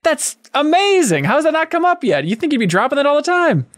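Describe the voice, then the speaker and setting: A man hosting a casual podcast chat, reacting with quick excitement. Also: very high voice, dry recording, studio quality. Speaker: podcast host.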